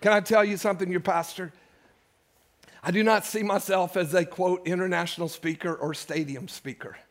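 A man with a notably high voice preaches to his church congregation. He talks with passion and stacks up repeated phrases to build each point, speaking into a stage microphone in the sanctuary. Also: steady tone, normal speed. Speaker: pastor. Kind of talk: sermon.

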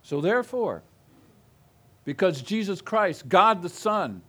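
A man's voice: sits high, animated, takes it slowly, fairly bright tone. A middle-aged male pastor preaching an expository sermon, emphatic and given to repeating phrases with building intensity.

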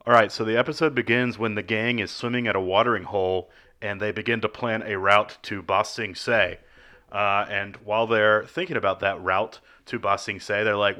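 Rambling, jokey man with a bright, clear voice. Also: lowish voice, moderate pace. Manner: rambling, deadpan jokey storytelling. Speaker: podcast co-host. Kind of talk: comedic casual recap.

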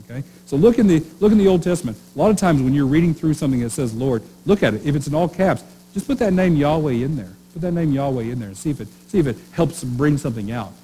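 A man's voice: a little high, lively intonation, fast, warm tone, a little hiss or hum, low-quality recording. A man preaching a sermon as pastor, speaking conversationally with rhetorical questions and frequent restarts.

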